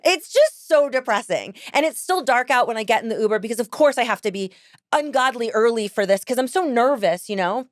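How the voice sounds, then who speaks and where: Podcast host, woman, casual storyteller; slightly high voice, close dry mic, lively and quick to laugh. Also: no room sound. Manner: animated, laughs often, quotes people in voices.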